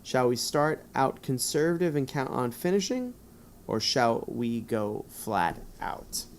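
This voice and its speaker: A man's voice: medium pitch, very animated, takes it slowly, a little hiss or hum, pitched above the performer's own voice. A man reading the lines of a female Russian rally co-driver in a gamebook, plainly and without putting on an accent. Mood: earnest. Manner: read plainly, with no accent put on.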